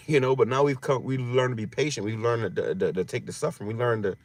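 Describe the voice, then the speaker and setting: A man's voice: mid-range voice, steady tone, brisk, no room sound. A man giving an informal scripture teaching in slangy street talk, often repeating phrases and restarting his words. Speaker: religious teacher.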